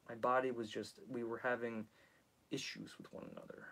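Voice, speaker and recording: A man's voice: mid-range voice, little pitch movement, brisk, a bit bright. A man with a head cold, hosting a live stream in a rambling, self-mocking, chatty way. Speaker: host.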